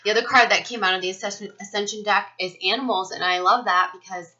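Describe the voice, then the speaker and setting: A woman's voice: medium pitch, steady tone, fast, bright, forceful tone. A woman giving a casual spiritual energy reading, talking earnestly and rambling with many fillers. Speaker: spiritual reader. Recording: muffled lo-fi recording.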